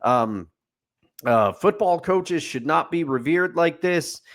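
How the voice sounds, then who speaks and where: Speaking slowly with lively intonation and a fairly high pitch, a man co-hosts a studio podcast. He reviews a movie in loose, opinionated chat, rambling, using fillers, and restarting his sentences.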